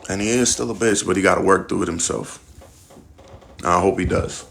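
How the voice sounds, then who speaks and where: A young man hosting a podcast casually tells a personal story, talking candidly and reflectively and swearing a lot. His voice is low-pitched, creaky and fairly bright, and he speaks fairly quickly.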